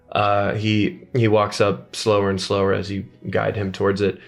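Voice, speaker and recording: A man running a tabletop game, narrating in a low voice with a gravelly fry. He talks haltingly, full of ums and uhs. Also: completely flat delivery, soft background music. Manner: halting, many fillers. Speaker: game master.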